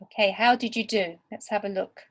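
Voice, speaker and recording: A woman teaching English to beginners over slides, speaking slowly and deliberately word by word. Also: medium pitch, steady tone, fairly bright tone. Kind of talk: slow, clear lesson for beginner learners.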